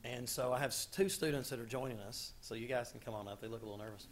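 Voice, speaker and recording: A male teacher talks to a school board, introducing his students in a relaxed, informal way. His voice has an ordinary middle pitch, with faint room ambience behind him. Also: fast, a little hiss or hum.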